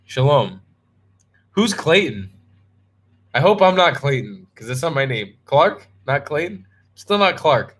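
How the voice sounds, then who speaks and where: A man's voice: on the high side, sing-song, measured pace, pauses often, fairly bright tone, breathy edge. A young man hosting a live stream, casually chatting, joking and answering viewers' questions with many ums and restarts.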